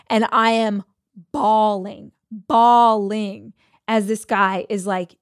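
Woman podcast host, mid pitch, dry close mic, emotional storytelling, chatty fillers. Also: steady tone, takes it slowly, no echo. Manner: emotional, conversational, frequent "like" fillers. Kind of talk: personal storytelling monologue.

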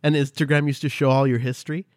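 A man who is a guest on a casual podcast, talking in an animated way and laughing often, on a close mic. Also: medium pitch, fast, no echo. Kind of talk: casual chat.

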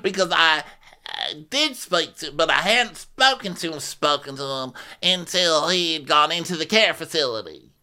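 A man doing a shrill, overacted impression of a flustered woman celebrity. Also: lively intonation, moderate pace, pushed and bright.

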